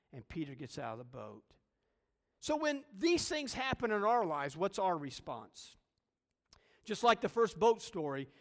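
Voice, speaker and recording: High, lively preaching man in a reverberant hall. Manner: emphatic, rhetorical questions, repeats key phrases. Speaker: pastor. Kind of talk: sermon.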